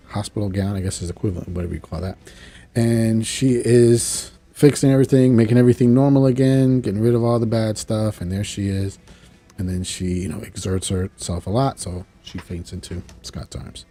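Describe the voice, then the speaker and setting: A show reviewer with a lowish, slightly rough voice recaps a cartoon episode, talking a little fast with no echo. His casual, rambling storytelling is animated: he acts out the characters' lines and chuckles at asides.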